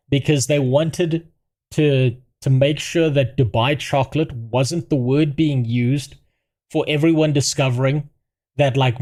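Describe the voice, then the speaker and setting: A man from Africa, doing crude, profane livestream commentary and laughing at his own jokes. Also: mid-range voice. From South Africa.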